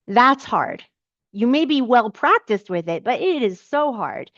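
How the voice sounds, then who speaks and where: A woman's voice: fairly high pitch, sing-song, measured pace, a bit bright, no echo, lo-fi sound. A woman coach answering viewers' comments in a live Q&A, encouraging and emphatic, repeating her key phrases.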